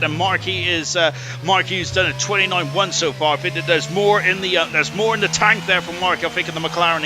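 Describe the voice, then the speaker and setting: A man giving rambling, chatty live commentary on an online racing league, full of quaint exclamations. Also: high voice. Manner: rambling, chatty, quaint exclamations, rising excitement on fast laps. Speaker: esports race commentator.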